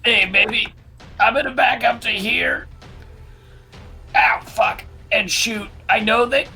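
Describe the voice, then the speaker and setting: A man playing in a tabletop game over a call. He is hiccuping, swears a lot and talks in halting, distracted bits. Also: very high voice, fairly even intonation, creaky, bright, forceful tone, faint music behind. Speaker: player.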